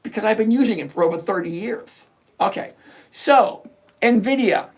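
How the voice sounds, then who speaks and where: A high-pitched, expressive male voice at a moderate pace belongs to a livestream host picking stocks. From his computer he reviews charts, explaining the numbers with blunt sarcasm, much like a chatty teacher.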